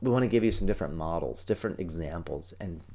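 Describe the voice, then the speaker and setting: Male podcast host, deep voice, quick and excitable, acts out little scenes. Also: slightly rough. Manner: fast, excited, acts out kids' and parents' voices. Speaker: podcast host, parenting coach and martial arts teacher. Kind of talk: energetic solo podcast talk.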